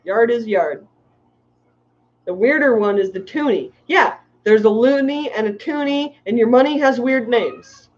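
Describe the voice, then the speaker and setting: A woman's voice: a little high, a little slow. A middle-aged woman rambles cheerfully to her viewers, giggling and stacking up likes. The audio is muffled, like a lo-fi stream. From United States. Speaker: fishkeeping livestream host. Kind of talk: casual livestream chat reading comments.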